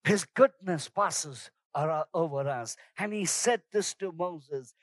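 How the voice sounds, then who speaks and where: A man's voice: fairly high pitch, takes it slowly, no room sound. A man preaching a sermon as pastor, telling personal stories and calling on the congregation to respond. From outside Singapore, first trip abroad. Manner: storytelling, animated shouts in anecdotes.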